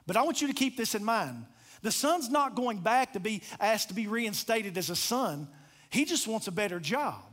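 A male pastor preaching a sermon, retelling a parable with dramatic pauses and rhetorical questions. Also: high-pitched, a bit bright. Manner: storytelling, acting out the parable.

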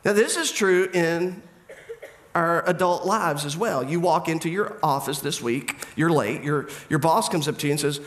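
A middle-aged man with a slightly higher voice preaches a sermon in a relaxed, conversational way. He jokes with the congregation and acts out little back-and-forth exchanges. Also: normal speed. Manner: conversational and humorous, acts out quoted dialogue. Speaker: pastor.

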